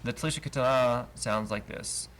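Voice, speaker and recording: Heard over a livestream with slight background noise, a man with a medium-pitched, fairly bright voice teaches Hebrew verse by verse at a moderate pace. Patiently, he goes over the cantillation marks and chants each trope's name.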